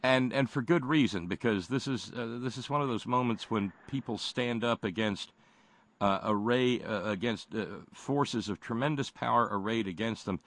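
A man's voice: mid-range voice, normal speed, a bit bright. A man hosting a radio talk show, speaking in a folksy, wry way with many fillers and restarts.

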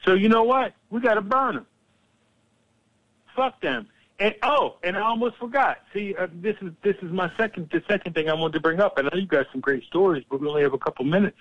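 A man hosting a heated political talk, animated and profane, telling stories to make his point. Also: sits high, fairly quick, no room sound, dull audio. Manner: profane, animated, fired-up storyteller.

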